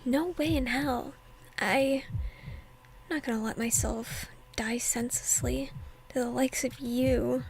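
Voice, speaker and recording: A woman reading a teenage boy's inner monologue from a visual novel in a hushed, whispery voice, bitter and defiant. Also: high-pitched, steady tone, slow pace, vocal fry, a little hiss or hum, exaggerated voice. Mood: angry. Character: teenage boy hero facing death, angry.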